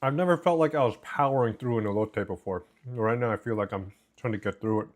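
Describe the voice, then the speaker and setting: A fast-talking man with a mid-range voice is live-streaming from his home. While eating, he chats casually and reads comments from chat aloud, using a noise-cancelling desk mic indoors.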